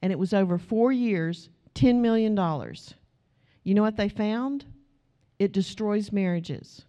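A woman's voice: mid-range voice, expressive, unhurried, warm tone. A middle-aged woman preaching a sermon in church, emphatic and direct with the congregation. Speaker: pastor.

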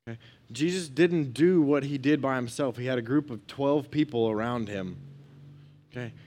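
A man's voice: mid-range voice, normal speed, a little hiss or hum. A young adult man giving a casual, story-driven sermon as a pastor, moving from a funny anecdote into exhortation. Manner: storytelling, animated and conversational.

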